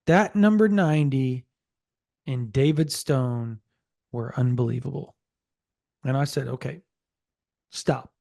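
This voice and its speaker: A man co-hosting a sports podcast, telling a story in a casual, animated way and relaying a source's quotes. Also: mid-range voice, unhurried, creaky, long pauses, no echo, clean studio sound. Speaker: podcast co-host.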